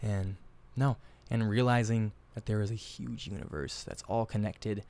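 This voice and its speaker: A man's voice: fairly low pitch, fairly even intonation, moderate pace, gravelly, a little mellow. A man hosting a podcast in casual chat, earnest and rambling, often repeating and restarting his words. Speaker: podcast host.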